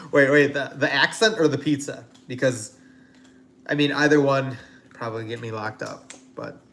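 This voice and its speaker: A man's voice: mid-range voice, slow pace, sharp tone. Guy rambling through a live cooking stream in his kitchen, lots of ums, noisy background. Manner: rambling, chatty, many fillers. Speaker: host cooking on a livestream. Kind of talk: casual live-stream chat. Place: home kitchen.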